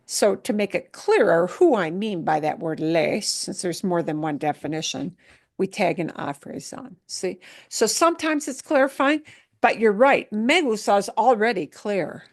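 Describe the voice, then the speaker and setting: A woman's voice: mid-range voice, expressive. A woman teaching Spanish in an online class, who explains patiently and repeats her points. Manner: patient, explains slowly with repetition.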